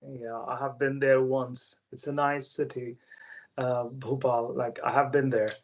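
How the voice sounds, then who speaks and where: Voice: mid-range voice, little pitch movement, a little slow, dull audio. An adult English conversation interviewer asking a young learner questions in a casual chat, talking hesitantly with many fillers and patiently explaining ideas.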